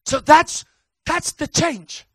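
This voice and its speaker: A man preaching a sermon with emphatic call-and-response delivery that builds to excited shouts. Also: extremely high pitch, slow pace, no echo.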